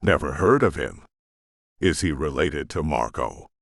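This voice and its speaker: A man's voice: extremely low pitch, expressive, measured pace, creaky, fairly bright tone, dry recording, clean studio sound, voice pushed down, heavily acted. A man voicing a guarded male shifter leader in an audiobook, level and commanding. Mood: stern.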